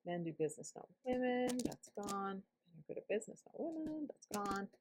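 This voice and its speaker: A woman's voice: mid-range voice, sing-song, moderate pace, slight background noise. A woman guiding a self-help tapping session, speaking reflectively and dropping to a whisper on some phrases. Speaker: EFT tapping practitioner.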